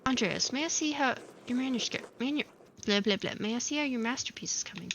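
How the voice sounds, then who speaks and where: Streamer, woman, bright clear voice, reads all game dialogue herself with offhand asides. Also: a little high, a little hiss or hum, poor audio. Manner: reads every character's lines in her own voice, with quick asides. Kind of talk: let's play, reading game dialogue aloud.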